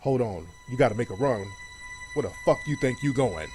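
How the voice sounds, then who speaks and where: A man's voice: medium pitch, expressive, fairly quick, a little mellow, soft background music, voice pushed down, natural voice. A man voicing a clingy, possessive boyfriend whose sweet talk snaps into growled threats. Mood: menacing.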